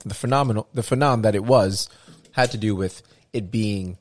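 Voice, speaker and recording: A man's voice: fairly low pitch, normal speed, dry recording. A man from the United States talking animatedly in a casual conversation, often restarting his sentences and acting out what others said.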